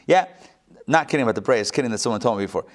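Speaking in a medium-pitched male voice, a rabbi leads a Torah class live. His delivery is lively, dotted with jokes on the side and rapid self-corrections.

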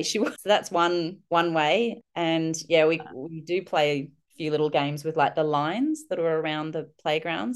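A woman, a parenting instructor telling animated stories as an interview guest, acting out quotes. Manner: animated, acts out quotes in high voices. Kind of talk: casual storytelling interview.

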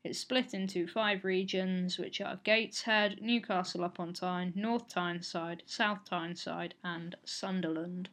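A woman's voice: on the low side, steady tone, fairly bright tone. A woman presenting an educational video in scripted narration, reading figures out evenly. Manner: measured, reads out figures evenly.

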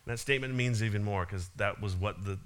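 Casual low-voiced man preaching. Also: fast talker. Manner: casual, chuckling, retelling a parable. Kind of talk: sermon.

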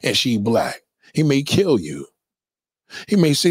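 A man's voice: medium pitch, huge pitch swings, unhurried, pauses often, breathy edge, dry recording. Guy ranting, blunt and profane, lecturing, dry close sound. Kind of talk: opinionated monologue.

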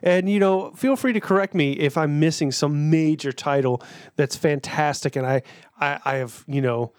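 A man talking loosely on a casual podcast, swearing and laughing as he goes. His voice sits a little high for a man. The sound is dry and close to the mic. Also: moderate pace, no room sound. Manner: rambling, profane, laughs often. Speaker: podcast co-host. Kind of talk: casual chat.

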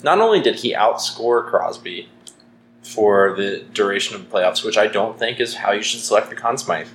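A Canadian man with a lowish voice co-hosts a casual podcast chat, making firm points with dry jokes and frequent ums. The room is echoey, with a faint hiss behind him. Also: fairly bright tone. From Saskatchewan, Canada. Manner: opinionated, dry jokey, many ums. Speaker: podcast co-host.

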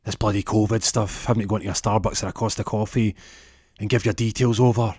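A man's voice: lowish voice, steady tone, fast talker, a little mellow, husky, dry recording, clean studio sound. A man voicing a desperate young man who pleads his case in a courtroom with an impassioned, rising speech. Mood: indignant.

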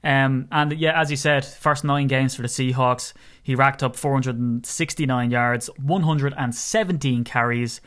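A man's voice: mid-range voice, fairly even intonation, a little slow, fairly bright tone. A young man with an Irish accent hosting a casual sports podcast, joking and swearing freely. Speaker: podcast host. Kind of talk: casual chat.

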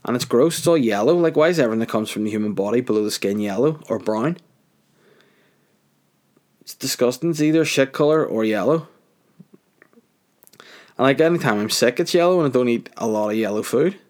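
A man's voice: medium pitch, lively intonation, brisk, long pauses, darkish tone. A young man rambling through a crude comedic monologue, swearing constantly.

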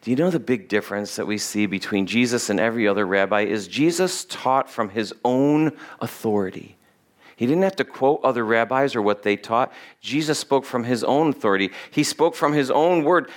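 A man's voice: mid-range voice, moderate pace. A man preaching a conversational sermon, reading scripture and acting out quoted lines in voices. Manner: casual, acts out quotes in voices. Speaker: pastor.

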